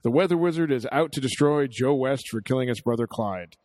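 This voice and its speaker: Male co-host, mid-range voice, dry sound, animated and joking storyteller. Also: mid-range voice, fairly quick, no room sound. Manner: jokey, chuckling, animated storyteller. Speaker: podcast co-host. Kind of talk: casual podcast chat.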